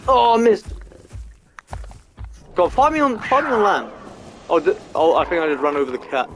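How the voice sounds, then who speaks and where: A man giving let's-play game commentary, swearing a lot and swinging between frustration and excitement. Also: sits high, normal speed, over music. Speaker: gamer.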